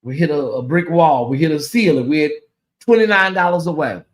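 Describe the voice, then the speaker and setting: High-voiced man hosting a late-night livestream. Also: a little fast. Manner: chatty, emotional, thanking donors by name. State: sleepy. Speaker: livestream host. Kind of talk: casual livestream chat.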